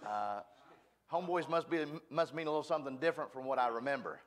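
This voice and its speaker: A man's voice: medium pitch, animated, fast. A man preaching a sermon at a church, folksy and emphatic, joking at his own expense. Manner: folksy, emphatic, self-deprecating. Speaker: guest preacher.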